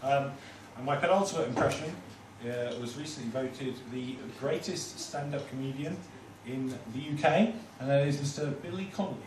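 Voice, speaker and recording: A young man compering stand-up comedy in a deadpan, halting way, full of fillers. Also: mid-range voice, far from the mic. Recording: echoey bar heard from afar, noisy.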